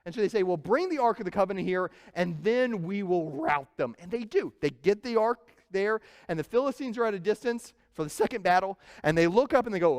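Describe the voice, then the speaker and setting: Animated high-voiced pastor in a reverberant church. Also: male voice, fairly quick, clear, resonant tone. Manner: animated storytelling, acts out panicked crowds. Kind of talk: sermon. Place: church sanctuary. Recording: church sanctuary with long reverb.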